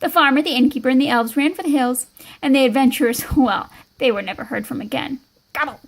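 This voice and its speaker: Woman reader, high voice, lively read-aloud for kids. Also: fast, rough recording. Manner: expressive, lively storytelling. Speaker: storybook reader.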